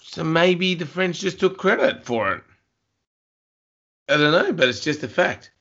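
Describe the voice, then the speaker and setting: Male host, slightly high voice, slow and deliberate, dull lo-fi sound, playful teasing. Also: expressive, a bit bright. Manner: teasing, giggles at own facts. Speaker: podcast host. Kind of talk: casual chat.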